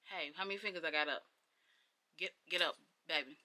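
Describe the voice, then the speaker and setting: A worried bystander leans in, coaxing a knocked-out girl back awake in a low, hushed murmur, as a woman voices them. Keep it soft and urgent. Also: a little fast, heavy background noise, lightly acted.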